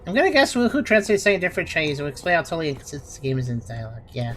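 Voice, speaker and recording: A woman's voice: low-pitched, animated, very fast, a bit bright, a little hiss or hum. A woman giving casual, sarcastic commentary while playing a video game. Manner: sarcastic, critical. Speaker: let's play host.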